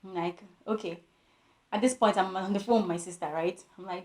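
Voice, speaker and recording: A woman's voice: mid-range voice, fairly quick, reverberant. A young woman telling a personal story for her vlog, acting out the voices of the people in it. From Nigeria. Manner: animated storytelling with voiced quotes. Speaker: vlogger.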